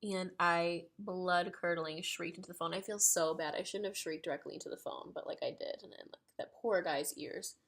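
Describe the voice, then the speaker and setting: Gravelly, husky young-sounding woman vlogger. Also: fairly low pitch, brisk, hardly any pauses. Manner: excitable, chatty, heavy use of "like". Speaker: storytime vlogger. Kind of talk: casual storytelling.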